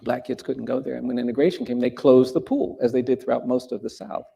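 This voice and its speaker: Husky, gravelly middle-aged man reminiscing. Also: medium pitch, little pitch movement, quick pace, mellow. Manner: earnest, with frequent restarts and emphatic rises. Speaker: speaker telling a personal story. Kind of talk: reflective personal storytelling.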